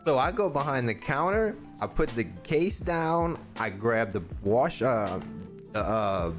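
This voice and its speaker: A man's voice: mid-range voice, lively intonation, a little slow. A man in casual podcast chat, telling a story with lots of energy. He acts out the people he talks about and swears freely. Faint music plays behind him.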